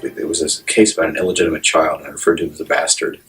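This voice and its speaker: A very low-voiced man tells stories from law school, laughing at himself as he goes. He sounds relaxed and amused. Faint music sits behind him. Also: very fast, recorded from a distance, rough recording. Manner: laughs at his own stories. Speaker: law student. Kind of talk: anecdote told to camera.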